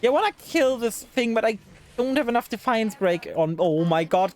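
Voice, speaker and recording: A woman's voice: a little high, lively intonation, moderate pace. A woman streaming live gameplay, talking to the game's characters in exasperation and swearing freely. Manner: exasperated, talks to the game characters.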